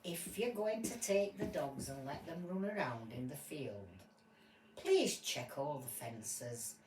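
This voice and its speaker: A woman giving voice to a firm, kindly tiger judge from a toy courtroom game, lecturing slowly with lots of lift and fall. The voice sounds distant from the mic in a roomy space with faint background hum. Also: deep voice, animated, a little mellow, voice pushed down.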